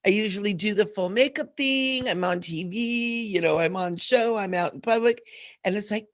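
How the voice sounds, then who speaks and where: A middle-aged host from Southern California, speaking in a mid-range voice at normal speed, leads a laid-back spiritual livestream talk. She sounds slightly sleepy and groggy, rambling along with frequent fillers and plenty of laughter.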